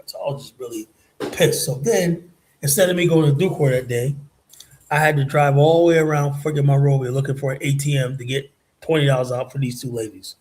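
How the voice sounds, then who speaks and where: A man's voice: medium pitch, fairly quick, darkish tone, low-quality recording. A middle-aged man in a casual live-stream chat, telling a long story in a rambling way, swearing often and filling gaps with "you know". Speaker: show regular telling a travel story.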